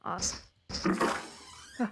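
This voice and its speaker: A young woman plays a horror game on stream, joking with her chat and cursing when something startles her. She talks slowly, with background noise behind her.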